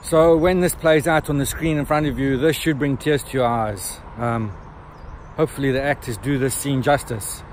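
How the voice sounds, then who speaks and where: A man's voice: mid-range voice, steady tone, moderate pace, a little hiss or hum. A middle-aged man, chatting casually to camera as a reviewer, rambling with frequent ums. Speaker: book and TV series reviewer. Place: in a car on a road trip.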